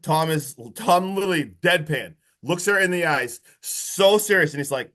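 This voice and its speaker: An excitable man in casual podcast chat, peppering his talk with "like" and swearing. His voice sits a little high for a man. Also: normal speed, few pauses. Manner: excitable, swears freely, heavy use of "like". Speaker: podcast co-host. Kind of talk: casual movie review chat.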